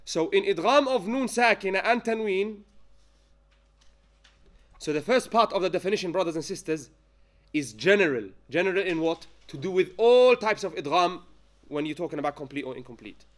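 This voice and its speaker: Man, high-pitched voice, tajweed teacher, slow dictation, frequent questions to students, chanted examples. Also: expressive. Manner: dictates slowly, checks understanding with frequent questions; chants Arabic verses when giving examples. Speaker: Quran recitation teacher. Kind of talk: classroom lesson.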